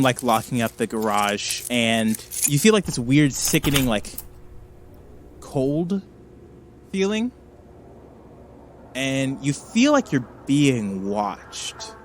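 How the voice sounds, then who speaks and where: A man's voice: medium pitch, a little hiss or hum. Loose-talking man as game master. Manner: loose, filler-heavy narration. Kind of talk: narrating a tabletop game. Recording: music underneath.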